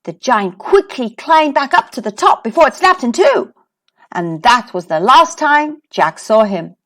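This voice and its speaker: Lively, sing-song woman reading a kids' book. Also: fairly high pitch. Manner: expressive, sing-song storytelling. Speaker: storyteller. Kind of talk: reading a children's book aloud.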